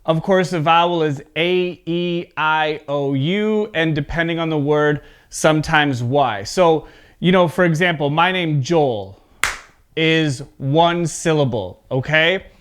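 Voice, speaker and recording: A man's voice: fairly high pitch, takes it slowly, fairly bright tone, smooth. A man teaching an English pronunciation lesson. He is patient, often checks in with "okay?", and exaggerates word stress in his examples.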